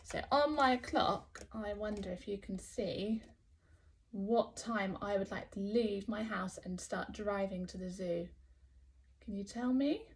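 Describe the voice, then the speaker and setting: A woman with an English accent teaching phonics to young children, sounding out letters slowly and praising often. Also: medium pitch. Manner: slow, sounding out letters, encouraging. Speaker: early years teacher.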